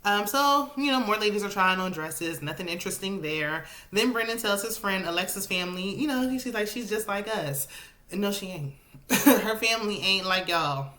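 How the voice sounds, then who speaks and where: Sassy chatty woman with bright voice. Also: medium pitch, moderate pace. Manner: chatty, sassy, animated with dialect speech. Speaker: reality TV recap vlogger. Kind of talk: casual recap commentary.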